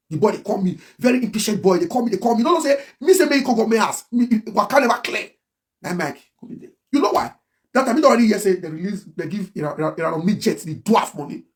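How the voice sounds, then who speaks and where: Fast, high-voiced Nigerian man ranting. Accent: Nigerian Pidgin English. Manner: emphatic, repetitive, heated. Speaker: blogger. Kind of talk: livestream rant.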